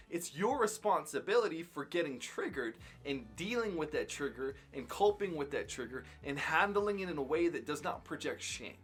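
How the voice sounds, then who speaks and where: A young father speaks earnestly to camera in a reflective, emphatic way. His voice is slightly raised and bright, with a husky edge and a very lively melody. Faint music plays behind him. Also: a little high. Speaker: father and parenting host.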